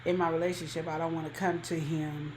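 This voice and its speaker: A woman's voice: low voice, flat delivery, fairly quick, reverberant, a little hiss or hum, rough recording. A woman co-hosting a podcast, giving emphatic, colloquial relationship advice in casual chat. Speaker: podcast co-host.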